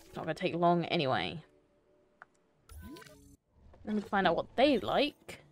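Young woman for gameplay commentary: unhurried, sing-song delivery, faint game music behind her. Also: lowish voice, huge pitch swings. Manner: chatty, talks to herself and to game characters. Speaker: streamer.

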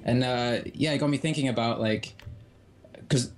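A man's voice: mid-range voice, normal speed. A man from England, calling in to a stream and talking hesitantly with many restarts. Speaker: caller. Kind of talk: casual call-in chat.

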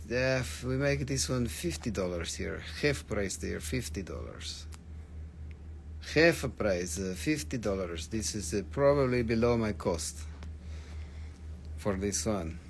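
A man hosting a live sale of stones, talking in halting, broken English with fillers while he names prices. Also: medium pitch, slight background noise. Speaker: host of a live crystal sale. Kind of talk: live sales patter. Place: shop, indoors.

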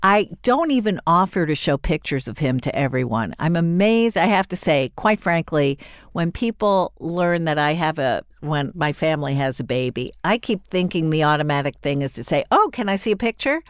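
A woman's voice: low voice, moderate pace, clean tone, no echo, clean studio sound. An older woman hosting her own podcast, talking chattily and effusively in a solo monologue. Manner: chatty, animated and warmly effusive. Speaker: podcast host.

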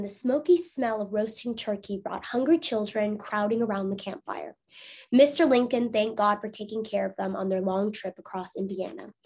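A woman teacher reading a storybook aloud to her schoolchildren at home, clear and patient. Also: mid-range voice, darkish tone. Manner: clear, patient, asks the class questions.

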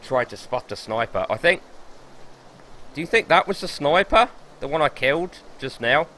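A young man streaming gameplay live, excitable and swearing as he talks himself through the match. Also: fairly high pitch, normal speed. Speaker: gaming streamer.

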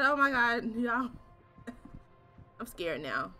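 A young woman streaming a horror game, talking in an animated way straight to her viewers and swearing often. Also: fairly high pitch, measured pace, pauses often, faint music behind. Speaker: gaming streamer. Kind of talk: casual let's-play commentary.

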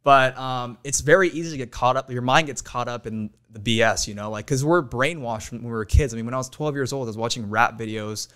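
A man in his twenties speaks as a podcast guest, his voice smooth and clear. He talks candidly and easily in casual chat. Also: mid-range voice, brisk, few pauses, a bit bright. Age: 20s.

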